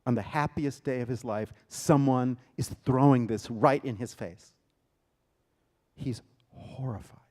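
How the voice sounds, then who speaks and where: A man, a theater director, giving a lecture and retelling a story with dramatic emphasis and sudden loud bursts. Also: mid-range voice, moderate pace, hardly any pauses. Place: lecture hall.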